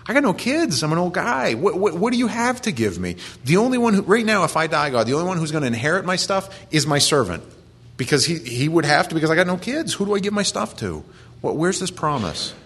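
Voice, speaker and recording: A man voicing a fretful old patriarch, pitched high. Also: sing-song, fast talker, fairly bright tone, husky, exaggerated voice. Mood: anxious pleading. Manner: fretful, stammering, pleading. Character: anxious aging childless man pleading with God.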